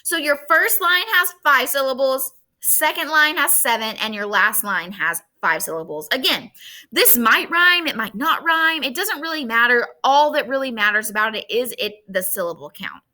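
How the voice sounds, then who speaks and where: A woman's voice: high voice, moderate pace. A woman teacher giving a recorded lesson to students, talking to them directly and stressing key points. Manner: lively, emphatic, talks straight to students.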